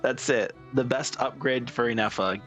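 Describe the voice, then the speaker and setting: A man's voice: mid-range voice, normal speed. Giggly rambling young streamer man. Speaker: game streamer. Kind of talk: casual gameplay chat. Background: game music.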